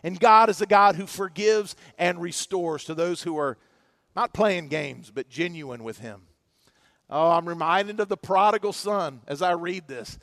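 A man preaching a sermon in a church, swinging from loud to hushed and back. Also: high-pitched, measured pace, no echo, clean studio sound. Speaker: pastor.

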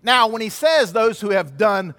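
A man's voice: high-pitched, lively intonation, normal speed, fairly bright tone. A man preaching an expository sermon as pastor, earnest and building to emphatic peaks. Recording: hall reverb.

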